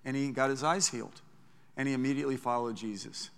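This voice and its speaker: A man preaching a sermon as pastor, talking in a conversational, animated way with frequent restarts. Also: mid-range voice, fast talker, clean tone, big-room sound.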